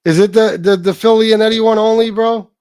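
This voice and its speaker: A man's voice: high voice, steady tone, brisk, a little mellow, clean tone, dry recording. A man hosting a livestream, ranting in a profane, sarcastic, mocking way. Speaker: livestream host.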